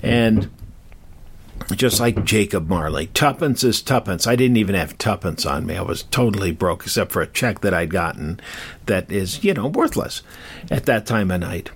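A man's voice: deep voice, lively intonation, moderate pace, slightly rough. An older man hosting a show, telling a story in a rambling, chatty, self-deprecating way. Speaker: host. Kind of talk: casual storytelling.

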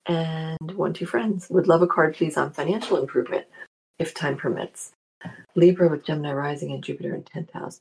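Gravelly low-voiced woman hosting a live show. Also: mellow. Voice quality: gravelly morning voice. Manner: chatty, greets listeners by name. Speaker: radio show host and spiritual psychology practitioner. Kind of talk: casual live-show chat reading listener comments.

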